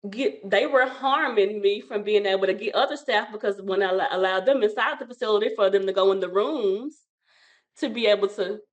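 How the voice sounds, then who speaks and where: A woman who owns a childcare center, guesting on an interview and telling her story in an animated, rambling way, with frequent restarts. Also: medium pitch, brisk, lo-fi sound.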